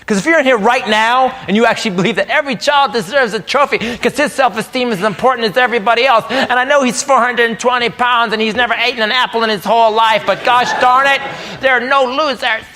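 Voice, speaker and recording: A man's voice: very high voice, fast, few pauses. A middle-aged man from the United States doing a stand-up comedy set on a club stage, brash and ranting with crude punchlines. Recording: live club recording with loud crowd laughter.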